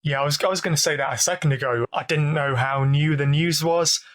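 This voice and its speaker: Man, British accent, young adult, podcast guest, casual chat, self-deprecating, higher pitch. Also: fairly even intonation, brisk, a bit bright. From England. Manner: easygoing, self-deprecating, laughs along.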